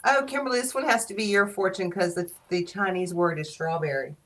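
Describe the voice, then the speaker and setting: Playful Southern woman streamer, fairly low voice. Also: fairly bright tone, rough recording. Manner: playful, teasing, quick to laugh. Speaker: live-stream host. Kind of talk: casual live-stream chat. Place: small studio.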